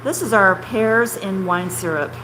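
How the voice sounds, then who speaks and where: Casting note: self-deprecating candy-maker woman with a rambling, conversational delivery, mid-pitched voice, recorded over a steady hum of background noise. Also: a little slow. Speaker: small-batch marshmallow maker and shop owner. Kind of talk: casual chatty storytelling while working. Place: candy kitchen while cutting marshmallows.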